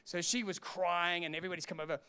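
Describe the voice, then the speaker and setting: Impassioned high-voiced male preacher, big hall. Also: flat delivery, fast talker, smooth. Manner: impassioned preaching that swells to shouts between quieter storytelling. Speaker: pastor. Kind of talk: sermon. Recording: long reverb hall.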